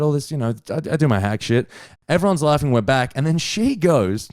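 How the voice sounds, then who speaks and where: Comedian telling an animated story. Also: male voice, on the high side, fast talker, few pauses, no room sound, clean studio sound. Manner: animated, swears freely, acts out other people's lines. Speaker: stand-up comedian. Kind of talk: casual chat storytelling.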